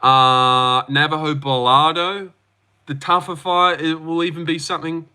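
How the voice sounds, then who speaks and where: A man's voice: a little high, fairly even intonation, unhurried, bright, forceful tone, clean tone. A young Australian man hosting a livestream, reading out chat and reacting in loose, slangy talk. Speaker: livestream host.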